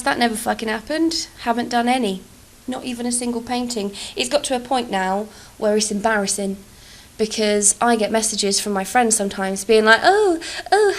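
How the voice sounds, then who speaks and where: A young English woman with an accent that slides between posh and Cockney, chatting casually over gameplay in a rambling, self-deprecating way and swearing freely. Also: medium pitch. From England. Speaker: YouTuber.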